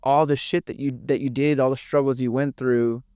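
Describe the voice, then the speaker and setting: A man's voice: mid-range voice, fairly even intonation, normal speed, a little mellow, clear, resonant tone, dry recording. A young man giving an earnest, emotional podcast interview, swearing freely and repeating words as he talks. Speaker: podcast guest. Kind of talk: candid emotional interview talk.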